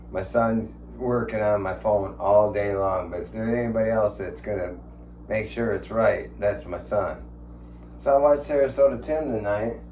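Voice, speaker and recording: Telling stories for his vlog at home, a man in his sixties swears freely and chuckles as he rambles on. His voice is lowish and somewhat mellow, recorded in an echoey room with a faint hum.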